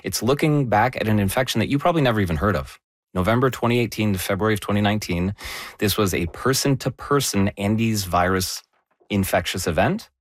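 Measured male news presenter, low voice, dry close sound, explains and stresses key terms. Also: no echo. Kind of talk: conversational news discussion.

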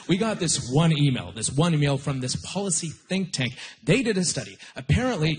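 Man doing a stand-up comedy set. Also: on the high side. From Canada, Nova Scotia. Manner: casual, laughing at his own jokes, lots of "like" and "you know". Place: comedy stage with live audience.

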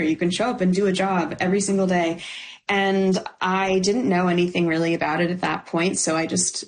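A young woman from Los Angeles, a screenwriter, chatting in an interview, animated and quick to laugh. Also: fairly low pitch. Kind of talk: casual interview conversation.

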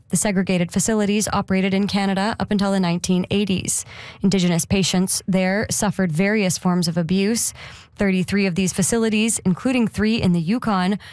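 A woman news anchor reading a regional radio newscast in a steady, measured way. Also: medium pitch, dry recording. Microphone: studio microphone.

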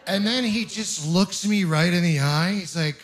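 Young male stand-up, high voice, incredulous ranting delivery into a stage mic. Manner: exasperated, incredulous delivery with quick asides. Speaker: stand-up comedian. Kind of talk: stand-up comedy set.

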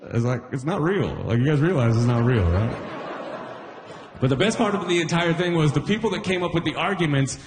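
Animated stand-up comedian man. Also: brisk. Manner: animated, jumps into high silly voices for bits. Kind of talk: stand-up set. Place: comedy theatre stage.

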